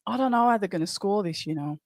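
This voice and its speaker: Excitable man calling a fight. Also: high voice, no room sound, studio quality. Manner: excitable, calls punches quickly, chats with the viewers. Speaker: host of a live watch-along. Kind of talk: live fight commentary and chat.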